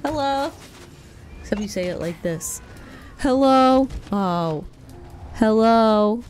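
A woman in her thirties chatting casually on a live stream. She swears freely, bursts into loud exclamations, and coos softly to her pet. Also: mid-range voice, expressive, a little slow. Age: 30s.

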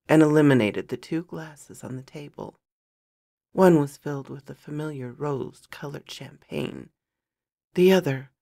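A woman narrating a first-person fantasy story in a measured, dramatic storytelling manner. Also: low voice, gravelly, mellow, no room sound, studio quality.

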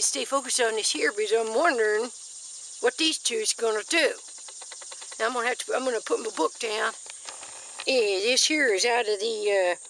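A woman, chatting in a folksy, easily excited way as she films bugs in her backyard garden on a handheld camera. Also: fairly high pitch, a little hiss or hum, low-quality recording. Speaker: nature vlogger. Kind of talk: casual nature walk-and-talk.

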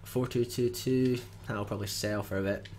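A man's voice: lowish voice, fairly even intonation, normal speed, a little mellow, slight background noise. Grumbling man opening game packs. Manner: dry, grumbling, jokey asides. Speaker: gaming video host. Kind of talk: casual commentary while opening card packs.

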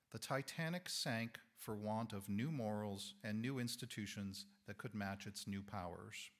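A man with a hoarse, fading voice giving a thoughtful lay sermon in a church, measured and correcting himself now and then. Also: mid-range voice, a bit bright. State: hoarse, losing his voice. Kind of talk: reflective sermon talk. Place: church sanctuary.

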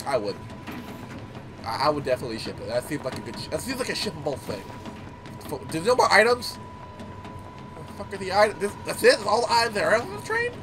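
Animated, swearing gaming commentator man. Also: sits high, quick pace, long pauses, noisy background. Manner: animated storyteller, swears a lot, laughs often. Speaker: gaming YouTuber. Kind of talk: casual gameplay commentary.

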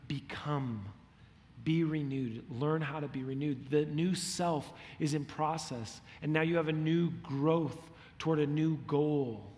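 A man's voice: on the high side, a little hiss or hum. A middle-aged man preaching a sermon as a pastor, telling stories with animation and acting out the lines he quotes. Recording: long hall reverb.

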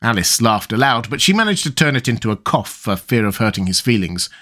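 A man narrating a storybook audiobook in an expressive, storytelling way. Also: on the low side, a little fast.

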